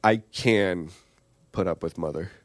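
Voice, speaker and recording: A man's voice: sits low, unhurried, no echo, clean studio sound. A young man co-hosting a podcast, telling loose family stories with casual swearing and acting out his relatives. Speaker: podcast co-host. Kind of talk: casual chat.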